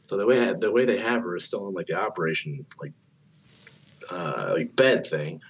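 A man's voice: deep voice, normal speed, husky, lo-fi sound. A young man casually telling a long story, swearing a lot, filling his speech with "like" and acting out what people said. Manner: swears a lot, fillers like "like", acts out dialogue.

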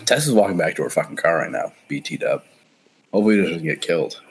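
A man's voice: low voice, expressive, fast, breathy edge. A man in his thirties in casual chat, rambling through stories, laughing often and swearing. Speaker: friend chatting.

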